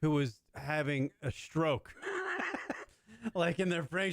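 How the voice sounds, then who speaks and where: A man hosting a casual talk show, reacting in an animated, swearing, exasperated way. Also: a little high, slow, dry recording, clean studio sound. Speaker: podcast host. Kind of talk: casual chat.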